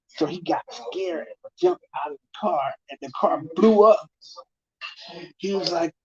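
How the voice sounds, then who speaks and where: Rambling man telling a story. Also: a little high. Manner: rambling, repeats himself, many fillers. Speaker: TV talk guest telling a story. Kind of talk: casual anecdote storytelling. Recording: muffled lo-fi sound.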